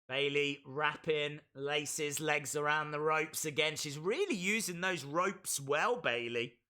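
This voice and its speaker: A man giving excitable live play-by-play reactions to a wrestling match, bursting into shouts at big moments. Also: high-pitched. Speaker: wrestling stream host.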